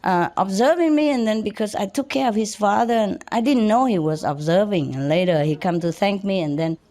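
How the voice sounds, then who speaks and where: Woman teacher, mid-pitched, chatty, halting storytelling full of restarts and light laughter. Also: mellow. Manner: halting, many restarts and chuckles. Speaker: spiritual teacher. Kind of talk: personal storytelling to an audience.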